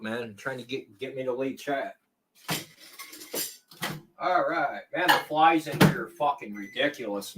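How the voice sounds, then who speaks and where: A man's voice: medium pitch, background noise. A man live streaming and chatting casually with his viewers, rambling in a crude and profane way.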